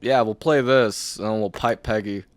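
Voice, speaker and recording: A man's voice: fairly low pitch, fairly even intonation, moderate pace, no echo. A young man streaming a horror game, rambling with lots of filler words and frequent swearing. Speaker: gaming streamer. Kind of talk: casual let's-play commentary.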